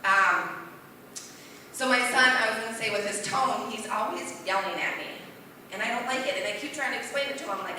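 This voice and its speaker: A woman doing rambling, self-deprecating stand-up at an open mic night in a bar, with a voice she calls deep. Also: expressive, moderate pace, bright, forceful tone, a little hiss or hum. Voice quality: deep-sounding voice. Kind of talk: stand-up comedy. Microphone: stage mic in a bar. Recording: roomy hall, voice from far off.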